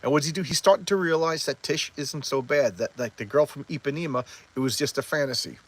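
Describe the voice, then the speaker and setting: A man casually walking through a comic book issue, rambling and halting with lots of restarts, openly enthusiastic about the panels he loves. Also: on the high side, low-quality recording. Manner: rambling, halting, stumbles over words. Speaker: comic book collector reviewing back issues. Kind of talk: casual comic review chat.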